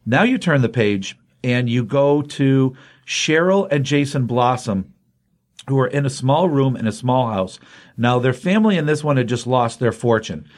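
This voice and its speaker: A man's voice: medium pitch, animated, normal speed. A man co-hosting a comics podcast, retelling a comic's plot in a rambling, enthusiastic way. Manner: rambling, enthusiastic, filler-heavy. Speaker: podcast co-host, comics reviewer.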